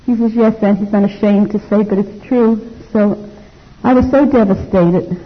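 An older woman giving a personal testimony to an audience, animated and acting out the dialogue she recalls. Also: mid-range voice, moderate pace, breathy edge. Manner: animated storytelling, acts out quoted dialogue. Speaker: speaker telling her life story to an audience. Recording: dull lo-fi recording.

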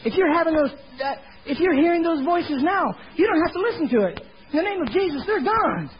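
Giving testimony before a congregation, a middle-aged former door-to-door salesman recounts his story folksily, performing other people's lines. His voice is very high-pitched, expressive, and brisk. The audio sounds dull, with a little hiss or hum.

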